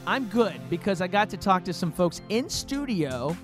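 A man hosting a podcast in a studio, chatting enthusiastically with quick asides. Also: high-pitched, sing-song, music in the background. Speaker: podcast host. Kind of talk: casual interview chat.

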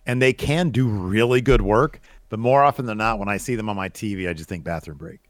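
Low-voiced man sharing blunt opinions. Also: a little fast, no echo, studio quality. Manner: opinionated, with hesitant restarts. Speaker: podcast co-host. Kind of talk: casual opinionated podcast chat.

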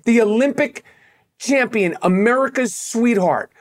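A man's voice: very high-pitched, measured pace. A man hosting a podcast in casual banter, emphatic and profane, full of street slang. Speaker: podcast host.

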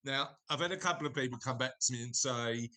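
A man's voice: mid-range voice, quick pace, sharp tone. A middle-aged man, hosting a podcast in a rambling, jokey, self-correcting chat. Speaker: podcast host. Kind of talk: casual chat.

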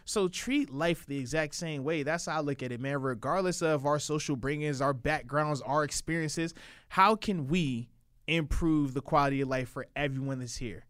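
Sports radio co-host, earnest and emphatic, slightly high voice. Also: male voice, moderate pace, fairly bright tone, clear, resonant tone, dry recording, studio quality.

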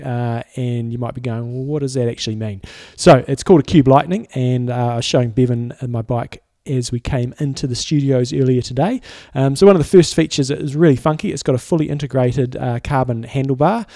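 A man's voice: mid-range voice, brisk, few pauses, mellow, no echo. Chatty male podcast co-host, dry sound. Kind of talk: casual podcast chat.

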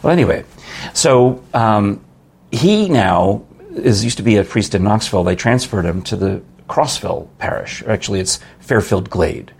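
A New Yorker with a New York accent chats casually, spinning rambling, playful stories and laughing often. His voice is lowish, creaky, husky and a little mellow, with lively intonation at a normal speed.

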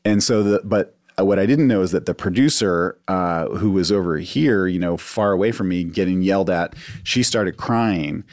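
Lowish man telling a story, dry sound. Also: moderate pace, hardly any pauses, dry recording. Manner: animated, acts out voices in his anecdotes. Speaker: podcast guest. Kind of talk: casual storytelling.

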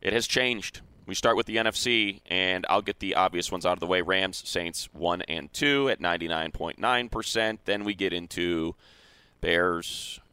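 Deep, crisp-voiced sports show host. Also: male voice, moderate pace, dry recording. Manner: steady, guiding, reads out numbers. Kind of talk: casual sports talk.

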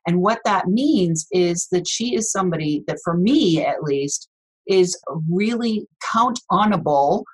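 A woman's voice: lowish voice, expressive, measured pace, breathy edge, poor audio. A woman hosting a spiritual podcast, interviewing a guest in an effusive, heartfelt way. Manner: effusive, warm praise and spiritual talk. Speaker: podcast host. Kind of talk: casual interview chat.

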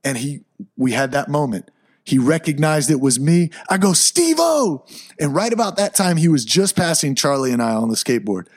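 A man telling a personal story in a casual, animated way, dropping into low asides and rising into excited bursts. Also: a little fast.

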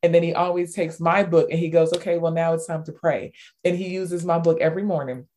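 A woman author as an interview guest, telling stories with lots of fillers and bursts of excitement. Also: lowish voice, fairly quick, slight background noise. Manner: animated storyteller, many fillers, squeals in retold cheers. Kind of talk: casual interview talk.

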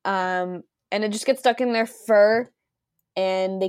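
A young woman co-hosting a casual gossip podcast, expressive, laughing often and swearing casually. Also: medium pitch, slow, smooth, dry recording. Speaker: podcast co-host. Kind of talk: casual celebrity gossip chat.

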